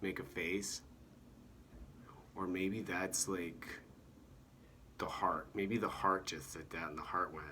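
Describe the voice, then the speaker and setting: Man, deep voice, bright tone, rambling monologue, halting, lots of fillers. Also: steady tone, a little hiss or hum. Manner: meandering, halting, full of "you know" and "like". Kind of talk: rambling monologue about comedy.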